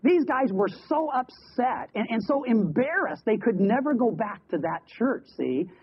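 A man's voice: very high-pitched, sing-song, slightly rough. Man preaching over lo-fi radio. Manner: storytelling with quick voiced asides and repeated words. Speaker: pastor. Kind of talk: sermon. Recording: dull lo-fi radio broadcast.

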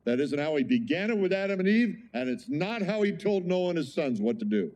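A man's voice: fairly high pitch, big pitch swings, brisk, a little mellow. A male pastor preaching a sermon in an emphatic, conversational way, often asking the congregation rhetorical questions.

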